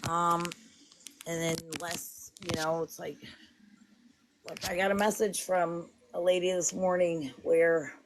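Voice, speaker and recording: Her voice is lowish and flat, her pace slow, with a little hiss or hum on the recording. She chats casually on a livestream from her home kitchen, rambling at length and often saying "it's like."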